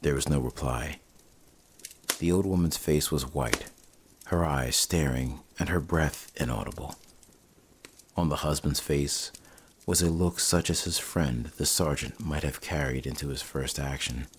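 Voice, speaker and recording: A man narrating a classic tale as host, slow and measured. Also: rumbling low, a little hiss or hum. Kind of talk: storybook narration.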